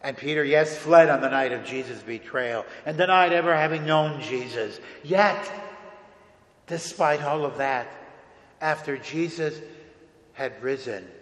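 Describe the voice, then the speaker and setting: A man preaching a sermon as a pastor, earnest and deliberate, with dramatic pauses, recorded in a church sanctuary. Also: on the high side. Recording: echoey hall with long reverb.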